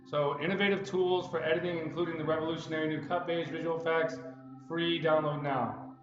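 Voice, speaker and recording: Man with a slightly high voice, talkative and wandering off topic; roomy, slightly muffled recording with music underneath. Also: steady tone, a little fast. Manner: chatty, digressive, loose and unpolished. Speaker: real estate group admin making a tutorial. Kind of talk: casual rambling screen-recording vlog. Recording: roomy, slightly dull sound with music behind.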